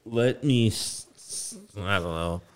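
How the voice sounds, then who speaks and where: A man co-hosting a podcast, telling stories in an animated, swearing, casual way and acting out what others said. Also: fairly low pitch, slow pace. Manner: animated storyteller, swears a lot, acts out quotes. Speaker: podcast co-host. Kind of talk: casual chat.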